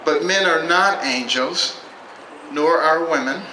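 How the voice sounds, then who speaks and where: A man giving a campaign speech at a public rally. He talks in short, measured, emphatic phrases with some dry humor. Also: fairly high pitch, pushed and bright. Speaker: political candidate. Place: public rally at a state capitol. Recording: echoey, distant mic, noisy.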